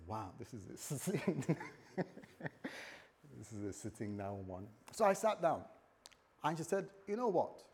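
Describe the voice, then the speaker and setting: In a church hall before a congregation, a man preaches a sermon, telling a story and performing both sides of a conversation as he swings from a hush to a loud voice. His pitch is fairly low with a breathy edge, and the recording was made for the church website.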